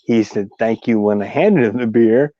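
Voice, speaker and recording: A man from California co-hosting a casual livestream chat, blunt and profane, telling animated stories. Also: mid-range voice, normal speed, dry recording, lo-fi sound.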